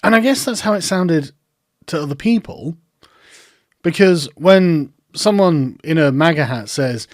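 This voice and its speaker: An online commentator delivers sarcastic commentary close to the mic, sounding mocking and incredulous and breaking into laughter. His voice sits on the high side, animated and a little slow, with no room sound.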